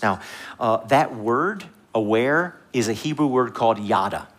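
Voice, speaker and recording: A man preaches to a congregation in a church sanctuary. His voice sits at a middle pitch, and his delivery stays conversational. He climbs high for emphasis, then sinks to soft, hushed lines. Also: animated, moderate pace. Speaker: pastor. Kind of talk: sermon.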